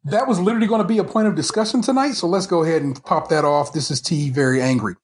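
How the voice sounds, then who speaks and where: A man's voice: a little high, quick pace. A man hosting a casual podcast chat, ranting with heated, profane frustration and stumbling restarts. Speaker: podcast host.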